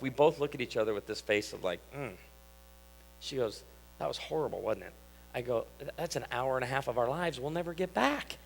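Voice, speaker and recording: A man in his thirties with a high, light voice preaches with a drawl, swinging into lively storytelling as he acts out family dialogue. His sermon carries through a church hall with a long, lingering reverb. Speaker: pastor. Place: church sanctuary.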